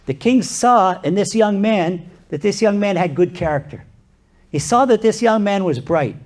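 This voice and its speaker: A man, a rabbi, giving a sermon and telling a parable in an animated, conversational way, often restarting his sentences. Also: sits high, normal speed. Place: lecture venue.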